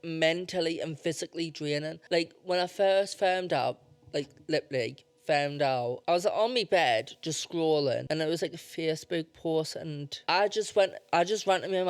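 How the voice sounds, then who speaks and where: A young man hosts his own casual solo podcast, rambling, cutting himself off and getting emotional as he talks. His voice is a little high and smooth, in a dry recording.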